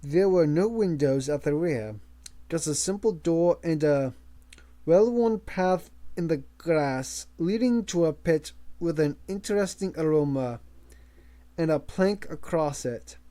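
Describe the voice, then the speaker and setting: A man reading a novel aloud as an amateur audiobook narrator, measured, with small slips and restarts. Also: fairly high pitch, lively intonation, warm tone. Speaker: audiobook reader.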